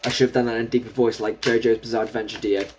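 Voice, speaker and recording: Brief: tarot reader, mid-pitched, casual and chatty, muses aloud over each card. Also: flat delivery, very fast, darkish tone, a little hiss or hum. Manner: chatty, thinking aloud while drawing cards. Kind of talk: casual solo tarot reading.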